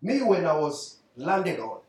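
A man's voice: fairly high pitch, very animated, measured pace, a little mellow. A Kenyan man preaching a sermon, mixing English and Swahili and leading call-and-response. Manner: mixes English and Swahili, call-and-response, acts out his mentor's lines. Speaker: pastor. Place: church hall. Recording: echoey hall.

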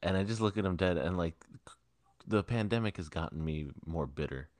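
A man co-hosting a podcast, telling a story in a casual, profane, animated way and acting out the people in it. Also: low voice, fairly quick, no echo. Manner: profane, animated retelling with quoted voices. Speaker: podcast co-host. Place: podcast studio.

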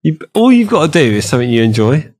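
A man's voice: fairly high pitch, big pitch swings, fast talker, darkish tone. A man hosting a podcast, chipping in with short agreeing yeahs and musing aloud in casual interview chat. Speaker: podcast host.

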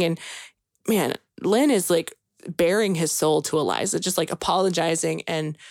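A woman's voice: on the low side, gravelly, no echo, clean studio sound. A young woman co-hosting a casual chat, telling a story in a rambling, filler-heavy way full of "like" and "you know," and growing emotional at the sad parts. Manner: gushing and emotional when recounting sad moments. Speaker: podcast co-host.

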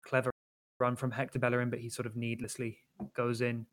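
A man's voice: mid-range voice, completely flat delivery, brisk. A man co-hosting a casual football podcast, talking earnestly and critically with frequent fillers and restarts. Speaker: podcast co-host.

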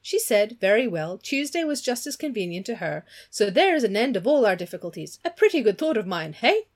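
A woman doing a loud, pushy young gentleman in a storybook reading who crows and brags in sudden high bursts. His voice swoops up and down with lively swings. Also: brisk. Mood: boastful. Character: brash boastful young man, loud and pushy.

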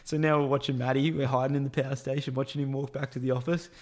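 A man's voice: mid-range voice, little pitch movement, fast, a little mellow. A man telling a casual anecdote about work, with crude slang, acted-out quotes and frequent laughs. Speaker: storyteller, construction worker.

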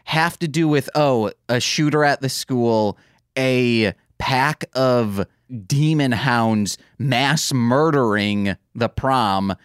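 Smooth-voiced male podcast co-host. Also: medium pitch, takes it slowly, dry recording, clean studio sound. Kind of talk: casual chat.

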